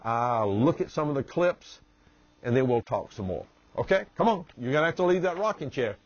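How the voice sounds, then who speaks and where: A Southern US man drawls slowly through a promotional self-introduction, his voice a little husky. The sound is dry and dull, like a lo-fi recording. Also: medium pitch, sing-song, dry recording. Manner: slow, drawling delivery. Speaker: humorist and motivational speaker.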